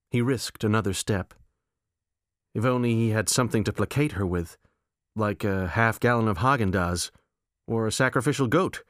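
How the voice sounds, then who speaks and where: A man narrating a novel in a measured, deadpan, wry way. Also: fairly low pitch, no echo, clean studio sound. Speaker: audiobook narrator. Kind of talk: scripted narration.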